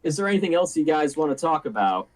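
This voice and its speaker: A man's voice: on the high side, very animated, fast talker. A man co-hosting a casual podcast, making dry jokes and steering the conversation. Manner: wry, dry joking, steers the talk. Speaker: podcast co-host. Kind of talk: casual chat.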